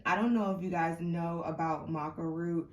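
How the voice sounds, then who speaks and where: Young woman, tarot reader, low and a bit stuffy-nosed, rambling casual delivery, off-mic in a roomy space. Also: steady tone, normal speed, darkish tone, far from the mic, highs cut off. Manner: chatty and rambling, many fillers and restarts. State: congested sinuses. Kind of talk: casual tarot reading to camera. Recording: echoey room, mic set back.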